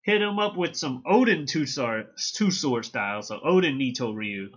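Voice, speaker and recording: A man casually recapping and reviewing a manga chapter, excited and slangy, swearing freely. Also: mid-range voice, moderate pace, breathy edge, dull audio.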